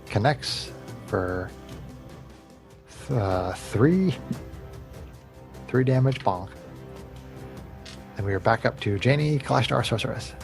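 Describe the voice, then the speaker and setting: Gravelly game master with music. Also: male voice, mid-range voice, animated, slow pace, pauses often. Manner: calls out hits and damage, chuckles often. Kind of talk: narrating a tabletop game over a video call. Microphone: video call headset or desk mic.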